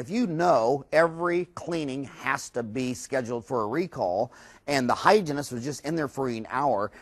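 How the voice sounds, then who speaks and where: A middle-aged man giving a course lecture to dentists, animated and quick to act out staff and patients. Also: medium pitch, no room sound. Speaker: dental practice lecturer.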